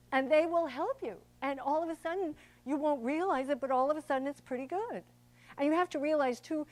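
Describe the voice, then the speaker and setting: A woman's voice: a little high, a little mellow. An older woman, an actor and director, giving a chatty, theatrical public talk to an audience. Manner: chatty and theatrical, acts out quoted voices.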